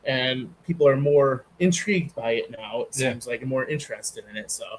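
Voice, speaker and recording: A man's voice: medium pitch, brisk, a little hiss or hum, rough recording. A man co-hosting a paranormal podcast, chatting casually and asking questions in an easygoing way. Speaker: podcast co-host.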